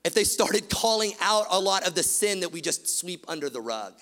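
A man preaching a sermon, animated, swinging from loud emphatic lines to quiet, hushed ones. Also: high voice, moderate pace. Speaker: pastor. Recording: long hall reverb.

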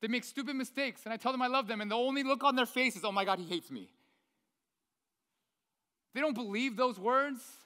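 A male pastor, around his thirties, preaching in a lively, conversational way with many rhetorical questions. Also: extremely high pitch, fast, few pauses. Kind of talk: sermon. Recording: long reverb of a large hall.

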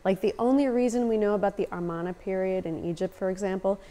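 A woman's voice: medium pitch, steady tone, fast talker, mellow. An American woman talking passionately as a podcast guest, swearing freely and saying "like" often. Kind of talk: casual conversation.

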